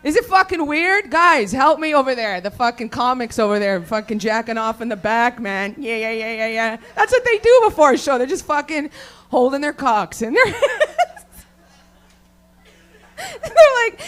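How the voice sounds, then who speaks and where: A woman's voice: high voice, sing-song, moderate pace. Lady comic, swears nonstop, rambly and crude, keeps cracking herself up. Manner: crude, rambling, swears constantly, laughs at own jokes. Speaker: stand-up comedian. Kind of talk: raunchy stand-up set. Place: comedy show venue with live audience.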